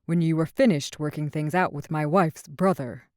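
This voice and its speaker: A woman's voice: low-pitched, normal speed, a little mellow, no room sound, studio quality, lightly acted. A woman voicing an anguished older king and father, pleading and raising his voice in distress, in an audiobook. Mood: grave.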